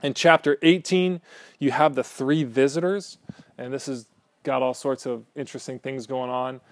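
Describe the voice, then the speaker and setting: A man's voice: medium pitch, normal speed, dry recording. A man preaching a casual, conversational sermon, often checking in with the room. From Southern California. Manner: casual, animated, asks the room "right?". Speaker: pastor.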